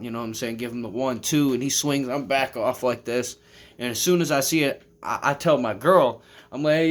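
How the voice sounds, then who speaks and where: A man telling a long personal story to his camera in a casual, rambling way, swearing often and filling gaps with "I mean" and "you know what I'm saying". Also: mid-range voice. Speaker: vlogger. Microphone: camera, talking to viewers.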